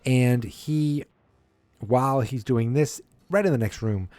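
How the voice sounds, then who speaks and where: Over soft background music, a man with a medium-pitched, mellow voice talks slowly, with no room sound. On his podcast he gives a rambling, casual movie recap, performing lines in goofy voices.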